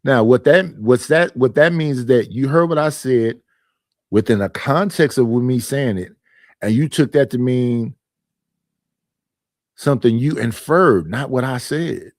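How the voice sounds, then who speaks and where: A man's voice: medium pitch, animated, unhurried, no echo, clean studio sound. A man hosting his own stream, arguing his points emphatically and repeating them in a casual monologue. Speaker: streamer and panel host.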